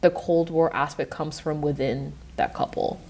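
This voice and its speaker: Woman co-host from Eastern Europe, slightly low voice, chatty and easygoing. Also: steady tone, normal speed, darkish tone, a little hiss or hum. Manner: chatty, laughs easily, lots of fillers. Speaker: podcast co-host. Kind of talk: casual podcast chat.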